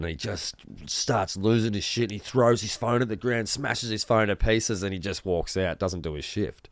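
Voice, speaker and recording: Deep-voiced man telling a rambling story. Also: no room sound. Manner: rambling, halting with many restarts and ums. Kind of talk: casual storytelling chat.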